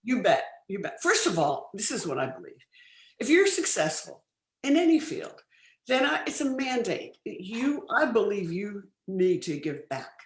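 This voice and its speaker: An older woman, a film producer, chatting as an interview guest, telling lively stories with many restarts. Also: mid-range voice, measured pace. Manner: lively anecdotal storytelling, frequent laughs and restarts. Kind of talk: casual interview chat. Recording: roomy studio sound.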